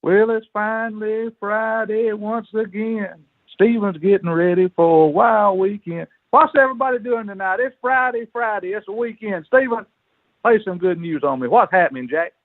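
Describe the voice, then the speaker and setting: A man calling in to a sports show, drawling through rambling shout-outs. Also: high voice, normal speed, no room sound. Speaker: caller. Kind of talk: phone-in call. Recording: phone line.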